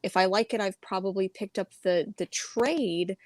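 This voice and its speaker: A woman's voice: mid-range voice, moderate pace, dry recording. A young adult woman, a guest YouTuber, chatting earnestly and thinking aloud with frequent ums. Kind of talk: casual chat.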